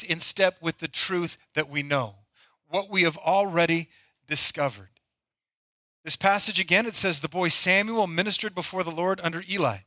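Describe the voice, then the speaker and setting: A man's voice: sits high, pushed and bright, dry recording. A middle-aged male pastor delivering a conversational, storytelling sermon.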